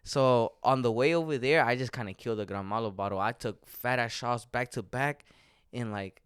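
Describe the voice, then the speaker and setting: In clean, dry studio audio, a young male podcast co-host spins stories in a casual, joking chat, laughing often. His voice is clear and resonant, mid-range in pitch, at a normal speed.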